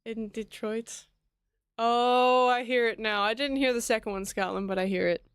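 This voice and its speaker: A woman's voice: on the high side, fairly even intonation, brisk, fairly bright tone, clear, resonant tone, dry recording, studio quality. A woman streamer chatting casually with her viewers while she codes, half muttering to herself as she works. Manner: muttering to herself while working, then bursting into laughter. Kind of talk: casual live-stream chat while coding.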